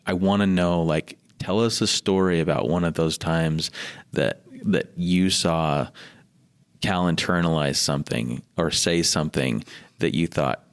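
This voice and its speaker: A man's voice: low-pitched, a little slow, smooth. A man hosting a podcast, asking interview questions in a casual way with many fillers. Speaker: podcast host.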